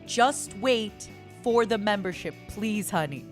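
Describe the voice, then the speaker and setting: A woman streamer chatting playfully, teasing her viewers as honey and swinging between loud mock-dramatic outbursts and soft murmurs. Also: mid-range voice, big pitch swings, normal speed, soft background music. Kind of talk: playful solo stream chat.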